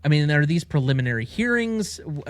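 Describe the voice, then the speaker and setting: A man co-hosting a podcast, picking apart a show's legal details in a measured, analytical way. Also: fairly high pitch, big pitch swings, no echo. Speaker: podcast co-host. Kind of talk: casual TV recap chat.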